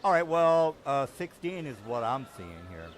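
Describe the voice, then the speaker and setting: A man narrating a tabletop game as game master, halting with many ums and restarts. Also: fairly high pitch, sing-song.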